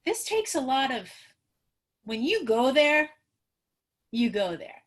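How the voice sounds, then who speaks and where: Expressive woman teaching parents. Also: high-pitched, takes it slowly. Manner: emotional and animated, acting out what a parent says to a child. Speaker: trauma specialist presenting a parenting webinar.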